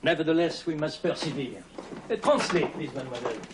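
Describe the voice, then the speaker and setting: A man's voice: fairly high pitch, fairly quick, close to an everyday voice. An actor playing a fussy, pedantic male teacher, speaking in a precise, mannered way. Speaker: French teacher. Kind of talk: period film acting. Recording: hissy old film soundtrack.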